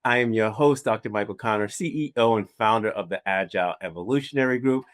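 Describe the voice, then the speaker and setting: Laughing, animated podcast host man. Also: fairly low pitch, fast. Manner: laughs often, animated storytelling. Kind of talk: casual interview intro.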